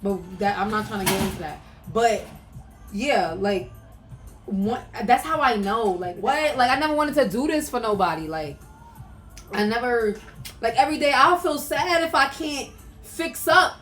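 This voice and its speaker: Candid young woman, soft music behind. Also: fairly high pitch, expressive, measured pace. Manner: candid and emotional, frequent "like" fillers, swearing. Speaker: podcast host. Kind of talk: casual personal monologue.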